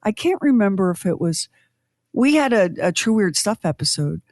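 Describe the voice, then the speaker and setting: A woman's voice: mid-range voice, very animated, normal speed, a little mellow, no echo, clean studio sound. A woman in her fifties hosting a podcast, chatting casually with tangents and self-deprecating humor. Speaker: podcast host.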